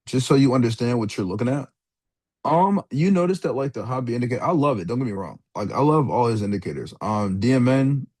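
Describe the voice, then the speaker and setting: A man's voice: medium pitch, a little mellow. A young man giving a casual, rambling trading lesson over a screen share, full of slang and swearing. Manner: laid-back slangy rambling, swears freely, calls listener dog and bro. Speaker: trading mentor.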